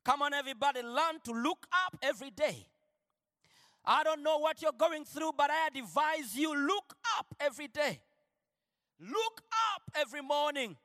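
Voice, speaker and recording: A male preacher giving an impassioned sermon, shifting between quiet lines and shouted declarations. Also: very high-pitched, normal speed, long reverb tail.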